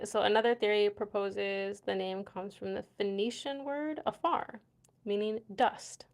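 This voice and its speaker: A woman's voice: mid-range voice, creaky, darkish tone. Chatty young woman hosting a livestream. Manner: chatty, laughs often, many fillers like "right?" and "you know". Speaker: livestream host. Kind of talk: casual livestream chat reading comments. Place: Morocco.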